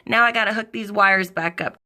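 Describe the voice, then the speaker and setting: A woman's voice: mid-range voice, fairly quick, sharp tone. A woman chatting casually and jokingly to viewers as she repairs an appliance, talking folksy and loose while she works. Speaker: DIY vlogger. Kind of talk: casual how-to vlog.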